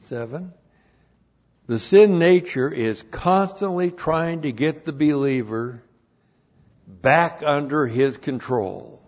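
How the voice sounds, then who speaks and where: Male Bible teacher, slow and methodical, repeats every point, muffled lo-fi tape. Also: fairly high pitch. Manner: deliberate, repeats each numbered point twice. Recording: dull lo-fi recording.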